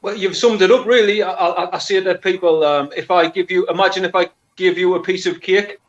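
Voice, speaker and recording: A man on a panel in a relaxed, plain-spoken way. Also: sits high, a little fast, dull audio. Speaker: panel guest. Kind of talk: casual panel chat.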